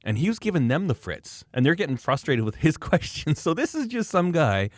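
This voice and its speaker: A man from Canada, a knife maker on a casual podcast, ranting in a mocking, animated way about online critics. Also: on the high side, brisk, dry recording, clean studio sound.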